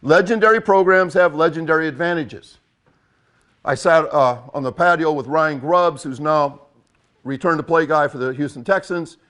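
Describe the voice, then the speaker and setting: Blunt older man, higher-pitched coach. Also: normal speed, fairly bright tone. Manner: blunt, emphatic, repeats for effect. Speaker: football coach. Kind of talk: coaching talk.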